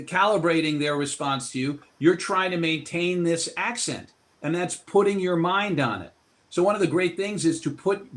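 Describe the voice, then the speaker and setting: A man's voice: on the high side, fairly bright tone. A man appearing as a guest author in an interview, telling anecdotes in a broad, expansive way. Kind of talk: interview storytelling.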